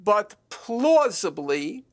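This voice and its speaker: Slow, gravelly man pressing his point. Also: high voice, sing-song. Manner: slow, insistent, presses the host to answer. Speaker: debate guest. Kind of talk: televised debate.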